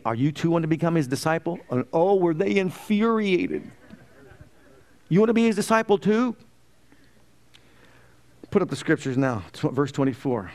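A man preaching a sermon, animated, often questioning his listeners and acting out the quotes he tells. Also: on the high side.

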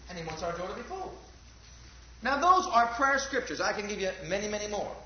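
A fervent man preaches, pressing his listeners with question after question and asking for amens. His voice sits high and leaps widely in pitch. The recording is very echoey and a bit dull and lo-fi. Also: sing-song, brisk, crowd noise. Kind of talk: sermon.

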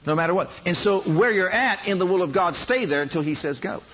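A man's voice: sits high, a little fast, dull audio. A man preaching a sermon, telling stories from his own life and speaking directly to the congregation. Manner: animated storytelling, addresses congregation directly.

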